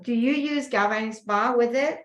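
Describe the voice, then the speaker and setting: A woman's voice: on the high side, normal speed, muffled recording. A woman taking part in a video call, making short remarks and asking questions about a skincare routine. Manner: short remarks and questions between the demonstrator's steps. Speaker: meeting participant. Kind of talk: casual chat on a video call.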